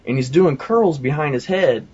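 A man's voice: fairly high pitch, animated, normal speed, darkish tone, breathy edge. Guy rambling thru his story, lots of you-knows, dull lo-fi audio. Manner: rambling, many fillers and asides. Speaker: person telling a personal testimony. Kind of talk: casual storytelling.

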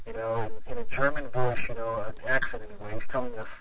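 A man's voice: mid-range voice, steady tone, fast, pushed and bright, slight background noise, low-quality recording. A man who is a pastor, telling a long story in an interview, rambling with lots of "you know" fillers. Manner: rambling, full of 'you know' fillers.

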